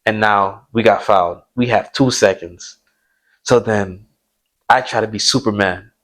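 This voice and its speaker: A man's voice: lowish voice, fairly even intonation, a little slow, a bit bright. A young man telling a sports story in casual chat, laid-back, full of fillers. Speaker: podcast host.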